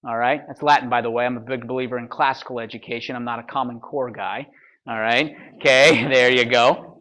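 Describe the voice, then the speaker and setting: A man's voice: mid-range voice, fairly even intonation, fairly quick, bright, forceful tone. A man coaching real estate agents at a seminar, punchy and blunt, constantly checking in with "all right?" and "okay?" and mocking excuses. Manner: acts out excuse-makers in mocking voices. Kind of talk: motivational seminar talk.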